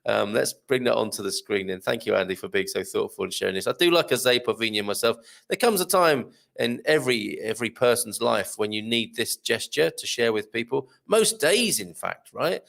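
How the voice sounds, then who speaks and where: A man's voice: on the low side, brisk, gravelly, a bit bright. A man hosting a casual live stream, reading out viewer comments in a chatty, jokey way with frequent ums and uhs. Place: home in Portugal.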